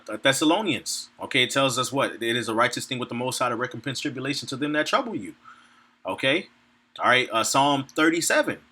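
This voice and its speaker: A man's voice: medium pitch, bright, forceful tone. A man giving an informal sermon, reading scripture aloud and commenting bluntly and profanely, laughing between points and checking in with his listeners. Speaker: preacher.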